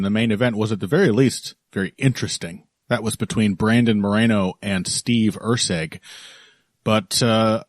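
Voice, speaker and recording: A man hosting a podcast in relaxed, chatty talk, laughing often. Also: lowish voice, dry recording, clean studio sound. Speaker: podcast host. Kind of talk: casual podcast chat.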